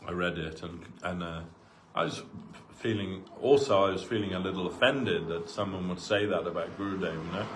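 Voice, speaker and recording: A man giving a relaxed sermon through personal anecdotes, talking in an easygoing way with frequent asides. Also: low-pitched, slight background noise. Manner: conversational, full of asides, acts out quoted voices. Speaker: devotee giving a talk. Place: temple hall.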